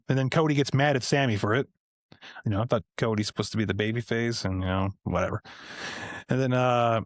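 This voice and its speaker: A man's voice: medium pitch, dry recording, studio quality. A man co-hosting a podcast, casually recapping the week's matches with chatty asides. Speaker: podcast co-host.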